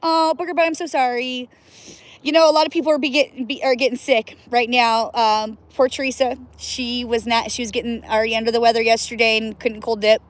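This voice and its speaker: A woman's voice: on the high side, fairly even intonation, fairly quick, few pauses. A woman casually chatting on a livestream from outdoors by cold water, playful and laughing often, whooping now and then. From US Northwest. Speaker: livestream host.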